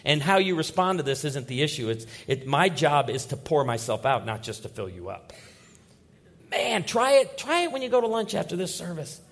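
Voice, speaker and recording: A man preaching to his congregation, his voice a little higher than most men's. He tells animated stories, acting out voices as he goes. His pitch swings and lifts with every punchline. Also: moderate pace. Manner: animated storytelling with acted-out voices. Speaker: pastor. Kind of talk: sermon.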